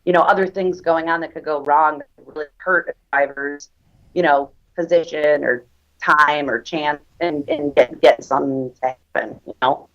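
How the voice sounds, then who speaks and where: A woman with a fairly low voice, chatting as a guest on a podcast. She talks bluntly and laughs often. Her voice comes through a dull, lo-fi line. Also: steady tone, moderate pace, fairly bright tone. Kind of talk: casual podcast chat.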